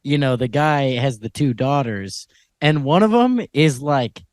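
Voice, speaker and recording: Male podcast co-host, relaxed banter, quick laughs, lively up-and-down delivery. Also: mid-range voice, no room sound, clean studio sound. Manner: laid-back, laughs often, trails off with fillers. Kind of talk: casual chat.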